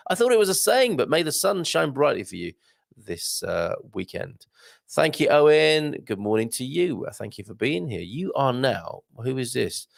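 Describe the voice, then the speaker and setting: A man's voice: mid-range voice, sing-song, moderate pace, creaky. A middle-aged British man hosting a live show, chatting casually and wryly as he reads out viewer comments, with many ums and asides. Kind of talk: casual live-stream chat.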